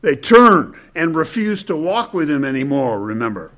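Very animated and at a moderate pace, this male preacher works through an expository sermon. He repeats key phrases and alternates between emphatic, loud climaxes and quiet, low stretches.

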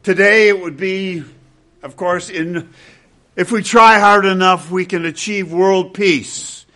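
An older man preaching an expository sermon to his congregation, emphatic and quick with wry asides. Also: sits high, steady tone, pushed and bright. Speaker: pastor.

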